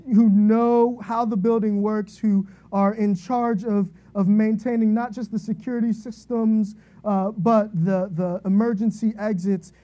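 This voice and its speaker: A woman with a mid-range voice gives a sermon in a relaxed, chatty style. She tells an illustrative story and keeps checking in with "right?".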